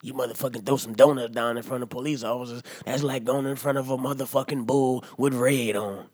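A rowdy drunk uncle holds forth with a husky, breathy voice, as a man puts him on. He rants and swears loudly, then sinks into low asides in a comic monologue. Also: steady tone, a little fast, no echo, clean studio sound, lightly acted. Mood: ranting. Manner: loud profane rant, swings to low mutters. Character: rowdy drunk middle-aged uncle ranting. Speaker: comedy podcast character. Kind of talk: comedic monologue.

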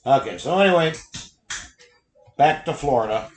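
Casting: male host, blunt, crude humor, mid-pitched, echoey room. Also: lively intonation, moderate pace, faint music behind. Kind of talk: casual chat.

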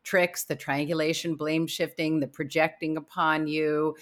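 A woman author, a guest on a podcast, talking earnestly and emphatically and acting out quoted lines with big swings in pitch. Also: level tone, measured pace. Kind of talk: casual conversational interview.

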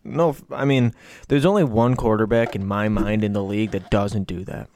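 A man's voice: fairly low pitch, steady tone, moderate pace, a little mellow, slight background noise. Blunt, profane man talking football. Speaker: podcast co-host. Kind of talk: casual sports chat.

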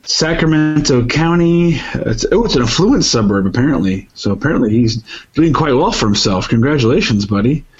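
A man's voice: mid-range voice, expressive, normal speed, breathy edge, muffled recording. A man co-hosting a podcast, chatting in a rambling, easygoing way. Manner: rambling, laughs easily. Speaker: podcast co-host. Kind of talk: casual podcast chat.

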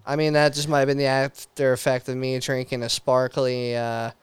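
Very clear casual man saying "dude" a lot. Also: medium pitch, monotone, normal speed. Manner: crude slang, says "dude" constantly. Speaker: podcast co-host. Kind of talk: casual chat.

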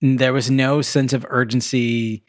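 A man's voice: mid-range voice, flat delivery, measured pace, no echo, studio quality. A man co-hosting a movie-review podcast, speaking in an easygoing way with many fillers. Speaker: podcast co-host. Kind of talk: casual movie-review chat.

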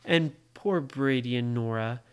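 A parent telling a made-up story to a child, pausing to ask the child questions. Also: mid-range voice, clean tone. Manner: slow, asks the listening child questions. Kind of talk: bedtime story told to a child.

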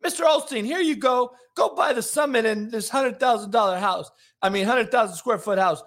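A man's voice: extremely high pitch, moderate pace, fairly bright tone, voice pushed up. A man putting on the voice of a gullible churchgoer who gushes adoringly over a preacher. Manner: squealing, starstruck gushing.

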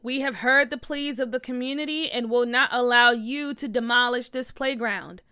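A woman's voice: on the high side, moderate pace, bright, forceful tone, clean tone, dry recording, studio quality. A woman voicing a formal, authoritative man who heads a historical society, in a storybook read-aloud.

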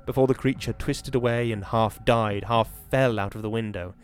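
A man hosting a podcast, giving a measured, dramatic reading of a horror novel and then chatting about it. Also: on the low side, fairly even intonation, faint music behind. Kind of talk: dramatic reading and casual commentary.

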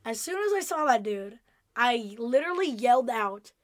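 A woman's voice: on the high side, lively intonation, moderate pace, dry recording. A woman co-hosting a casual review chat, playful and teasing. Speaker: podcast co-host reviewing episodes.

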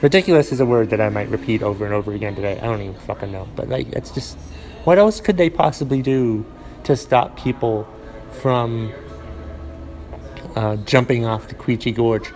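Solo podcast host, New man, mid-pitched, rambling deadpan delivery, lots of ums and restarts. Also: moderate pace, low-quality recording. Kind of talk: casual solo podcast monologue.

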